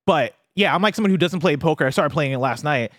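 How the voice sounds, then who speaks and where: A man's voice: fairly high pitch, fast, no room sound, studio quality. Chatty man explaining a game. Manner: rambling, animated explainer. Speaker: podcast co-host. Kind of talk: casual chat.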